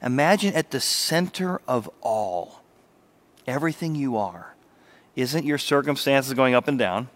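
Male pastor, mid-pitched, energetic sermon delivery with hushed intimate moments. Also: a little slow. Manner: animated preaching, drops to soft intimate voice.

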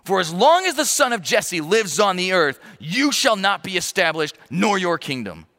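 A man voicing a furious, jealous older king, shouting accusations in a raised, strained voice. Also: sits high, very animated, normal speed, big-room sound, pitched above the performer's own voice, full character voice.

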